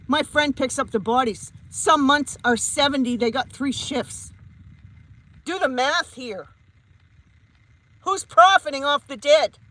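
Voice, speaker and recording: A woman's voice: high voice, fairly bright tone, rough recording. A woman, a psychic medium, giving a heated vlog rant and repeating her points emphatically. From Canada.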